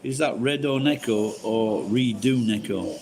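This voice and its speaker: A man's voice: fairly low pitch, unhurried, a little mellow, rough recording. A drunk man rambling and swearing through casual chat as a live streamer, full of false starts. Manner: crude, swears a lot, rambling with restarts.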